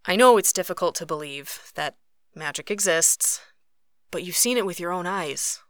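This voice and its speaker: A woman reading an audiobook who voices a calm young male Fae with patient, low, even replies. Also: normal speed, clean tone, dry recording, lightly acted. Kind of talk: audiobook character voice.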